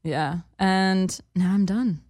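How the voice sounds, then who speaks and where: A woman's voice: mid-range voice, slow pace, darkish tone. A German woman speaking English with a German accent as a podcast guest, earnest and hesitant with many ums. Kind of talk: casual podcast chat.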